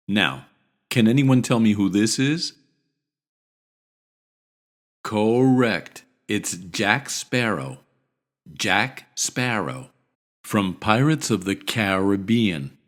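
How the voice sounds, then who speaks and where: A man teaching pronunciation in a scripted video lesson, repeating each word deliberately and clearly. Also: on the low side.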